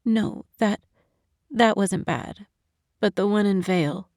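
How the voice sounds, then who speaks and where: Audiobook: tearful, self-blaming young woman, shaky and soft, voiced by a woman; dry close sound. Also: medium pitch, no room sound. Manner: shaky, halting, soft-spoken. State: crying. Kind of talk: audiobook narration.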